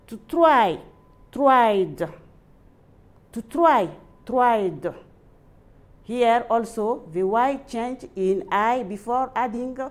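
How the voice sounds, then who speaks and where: Very slow, dictating Malian woman teacher. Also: fairly high pitch. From Mali. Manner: repeats each phrase slowly, as if dictating. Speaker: English teacher. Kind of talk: dictated grammar lesson.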